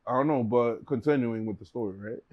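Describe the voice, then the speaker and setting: A man's voice: mid-range voice, brisk, dry recording. Man reading news, dull lo-fi audio. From New York. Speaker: podcast host. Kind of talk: casual chat, reading news aloud.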